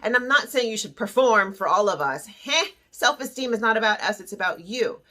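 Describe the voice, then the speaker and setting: A woman coaching on self-esteem in a playful, theatrical teaching style. Her pitch swoops up and down with a lot of life, and she slips into little acted-out voices for emphasis. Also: lively intonation, fairly quick, pushed and bright.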